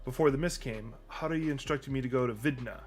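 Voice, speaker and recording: A formal young priestess from a role-playing game, speaking slowly with a thick Russian accent, as a man puts her on. Each word of her message is weighed, almost ceremonial. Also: medium pitch, faint music behind, natural voice. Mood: solemn. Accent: put-on Russian. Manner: slow and formal.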